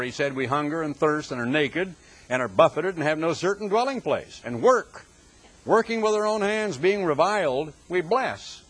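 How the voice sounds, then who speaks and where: Emphatic man preaching a sermon. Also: a bit bright. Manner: emphatic, rises in pitch on rhetorical questions. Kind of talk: sermon, Bible exposition.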